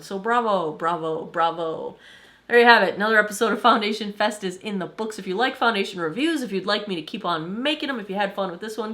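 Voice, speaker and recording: A woman in her forties, slightly hoarse, giving a chatty, enthusiastic makeup review as a vlogger and laughing often. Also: mid-range voice, fairly bright tone. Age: 40s. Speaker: beauty vlogger.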